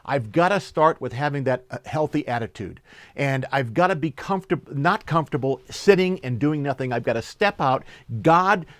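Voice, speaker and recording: Male pastor, animated sermon storyteller, higher-pitched voice, dry sound. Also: dry recording. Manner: animated storyteller, slows for emphasis, laughs while telling.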